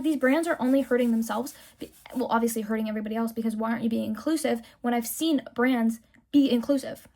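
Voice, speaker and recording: A woman's voice: on the high side, darkish tone. A young woman talking through a casual makeup tutorial, chatty and candid, gushing about products and swearing freely when she rants. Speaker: beauty vlogger.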